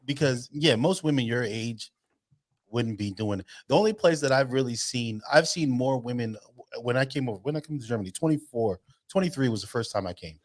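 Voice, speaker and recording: A man's voice: mid-range voice, animated, fairly quick. A man in his thirties co-hosting a podcast, telling stories in a blunt, profane, casual way. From United States. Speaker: podcast co-host. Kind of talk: casual chat.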